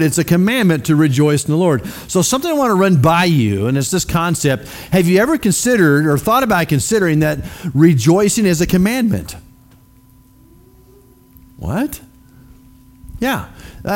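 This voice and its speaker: Conversational male pastor, fairly high voice. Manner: conversational, asks the congregation questions; many fillers and restarts. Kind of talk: sermon.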